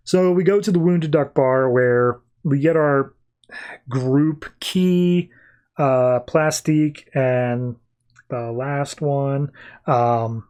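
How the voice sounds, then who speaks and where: A man's voice: mid-range voice, slow, darkish tone, smooth. Podcast host, man, casual recap delivery, mid-range voice. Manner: chatty, retells scenes. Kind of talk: casual comic book recap.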